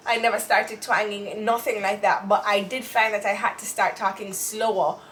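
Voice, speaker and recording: A woman's voice: medium pitch, fairly even intonation, moderate pace, fairly bright tone, slight background noise. A woman from Jamaica with a Jamaican accent, co-hosting a casual chat and rambling with fillers and restarts. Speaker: co-host.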